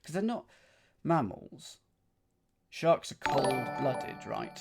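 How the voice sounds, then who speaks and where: A man's voice: medium pitch, expressive, takes it slowly, vocal fry, over music. A man streaming as he solves a crossword, thinking aloud, questioning himself and chatting with his live chat. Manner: muses and questions himself aloud, with frequent fillers and self-corrections.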